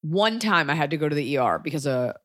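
A woman's voice: low-pitched, sing-song, fast, fairly bright tone, no room sound, clean studio sound. A woman in her thirties hosting a podcast in casual chat, blunt and sarcastic, joking and swearing freely. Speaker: podcast host.

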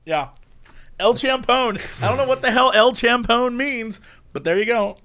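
A young man with a notably high voice chats casually on a podcast, bursting into laughter as he tells his stories. He is lively and animated, throwing in loud, silly catchphrases. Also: normal speed. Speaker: podcast co-host. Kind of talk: casual chat, storytelling.

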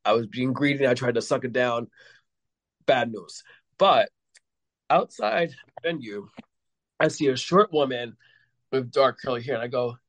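A man's voice: mid-range voice, animated, moderate pace, pauses often, fairly bright tone, dry recording. A man, a podcast guest, telling rambling stories in casual chat with lots of fillers. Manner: rambling storyteller, heavy with fillers.

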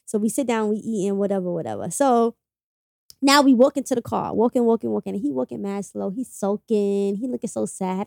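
A young woman telling a personal story as a podcast guest, animated, swearing freely and acting out the quotes. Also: mid-range voice, fairly quick, gravelly, dry recording, clean studio sound. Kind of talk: casual storytelling.

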